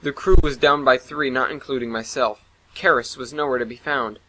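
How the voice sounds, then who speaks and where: A man's voice: medium pitch, steady tone, moderate pace, noisy background. A man narrating a first-person science fiction story in an earnest, dramatic reading.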